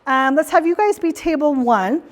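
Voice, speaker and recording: A woman's voice: sits high, normal speed. A woman corporate trainer giving a live workshop talk, telling stories and asking the audience questions. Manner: storytelling, chatty, asks the audience questions. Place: conference room or hall. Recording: speech in a hall with long reverb.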